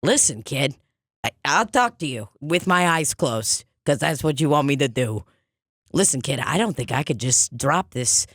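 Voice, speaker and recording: A woman's voice: rumbling low, big pitch swings, moderate pace, fairly bright tone, no room sound, studio quality, exaggerated voice. A woman playing a brash, pushy fake psychic medium with a put-on Long Island accent, in an improvised comedy sketch. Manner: pushy, rambling, streetwise patter. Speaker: podcast co-host.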